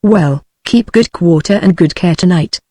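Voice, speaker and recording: A synthetic text-to-speech voice of a woman with a British English accent, reading the part of a proud young male French prince in a flat, unvaried way. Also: lowish voice, unhurried, no echo, studio quality.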